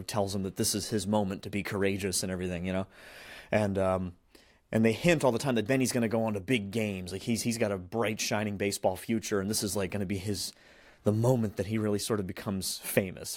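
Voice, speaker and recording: Low-voiced man retelling a film casually. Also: a little mellow, no echo, studio quality. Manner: rambling, heavy on fillers and restarts. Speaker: podcast host.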